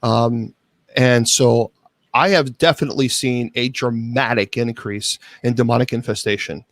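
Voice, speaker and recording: A man's voice: medium pitch, steady tone, moderate pace, no echo. Earnest Southern man explaining at length. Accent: American Southern. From Kentucky. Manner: earnest, repeats words when starting sentences. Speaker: bishop and exorcist guest. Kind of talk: casual podcast interview.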